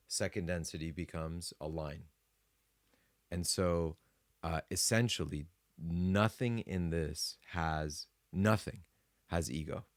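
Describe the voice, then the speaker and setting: A man's voice: low voice, no echo, studio quality. A man co-hosting a podcast, explaining ideas step by step in a casual, enthusiastic way and laughing often. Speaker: podcast co-host. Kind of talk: casual spiritual discussion.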